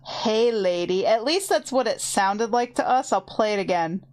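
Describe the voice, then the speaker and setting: A woman streamer from her home computer setup, casually and excitedly telling ghost stories to her chat in a rambling way. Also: fairly high pitch, normal speed, background noise. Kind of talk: casual storytelling to a live chat. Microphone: desk mic with headphones on.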